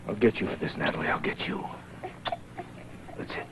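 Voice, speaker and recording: A woman's voice: moderate pace, close to an everyday voice. An actress in a 1980s TV soap opera, pleading and cooing at a baby while she tries to phone. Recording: old TV broadcast, muffled with hiss.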